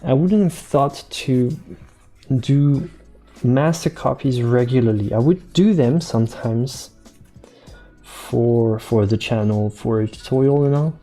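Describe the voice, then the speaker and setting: A man painting live on stream, talking softly and slowly to his chat and repeating words as he works, with faint music behind him. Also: medium pitch. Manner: soft-spoken, slow, repeats words while painting.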